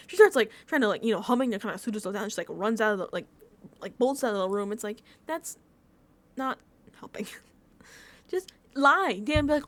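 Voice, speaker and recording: A woman's voice: a little high, expressive, a little fast, fairly bright tone. A young woman hosting a casual review show, ranting animatedly with frequent laughs and swearing. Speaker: podcast host reviewing a TV episode. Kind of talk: casual rant.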